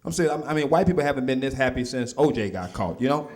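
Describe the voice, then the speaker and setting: A man's voice: mid-range voice, expressive, fast talker, darkish tone. Stand-up comic, middle-aged man, easygoing and conversational. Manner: loose conversational delivery with frequent asides. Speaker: stand-up comedian. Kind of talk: stand-up routine.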